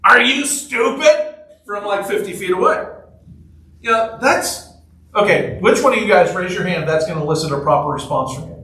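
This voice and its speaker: In a church sanctuary, a pastor whose voice sits high and fairly bright talks a little fast through a chatty, joking sermon, telling stories and asking the congregation questions. The echoey room puts him far off, with slight background noise.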